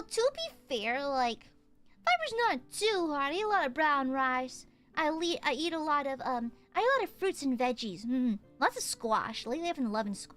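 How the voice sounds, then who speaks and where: A young woman with a high, bright voice chats playfully on a livestream, tossing out repeated greetings and jokes. Her throat sounds a little hoarse and sore. Faint music plays behind her. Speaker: VTuber streamer. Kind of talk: casual livestream chat.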